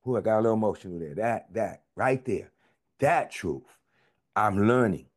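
A man preaching a sermon in a conversational, vernacular style. He repeats phrases and swings between high shouts and low, confiding murmurs. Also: lively intonation, moderate pace.

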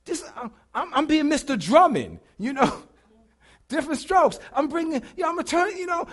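A middle-aged man preaching a sermon, telling a story dramatically and swinging from hushed to shouting. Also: extremely high pitch, sing-song, normal speed.

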